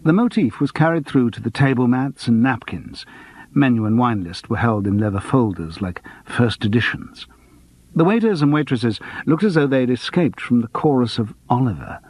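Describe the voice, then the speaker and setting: A man reading an audiobook in a measured, dryly wry narration. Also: mid-range voice, animated, a little mellow. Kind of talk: scripted narration.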